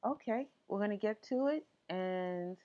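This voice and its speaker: A woman's voice: mid-range voice, measured pace, lo-fi sound. A woman hosting a casual tech tutorial, chatty and full of small asides and fillers. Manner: chatty, lots of ums and asides.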